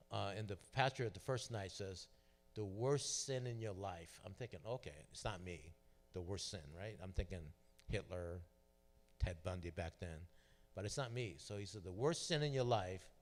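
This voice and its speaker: A middle-aged man sharing a personal testimony at church, telling his story and acting out the dialogue. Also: deep voice. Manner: storytelling, acts out quoted dialogue. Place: church sanctuary. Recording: long hall reverb.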